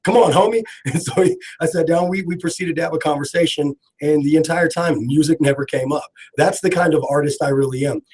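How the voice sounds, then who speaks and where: Male talk radio host, husky and slightly high, rambling storyteller in the studio. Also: fairly quick, few pauses, poor audio. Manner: rambling, laughing, animated storytelling.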